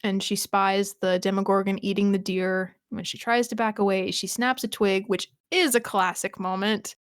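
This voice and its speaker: On a podcast she co-hosts, a woman talks casually about a TV episode, laughing a lot and often starting her sentences over. Her voice is medium in pitch and level in tone, at a moderate pace, recorded cleanly in a studio without echo.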